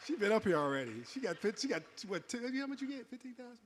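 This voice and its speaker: A man's voice: extremely high pitch, sing-song, fast talker. A man acting as emcee at a live graduation event, teasing the graduates and laughing often as he hands out awards. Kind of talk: joking live event banter. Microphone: handheld wireless mic.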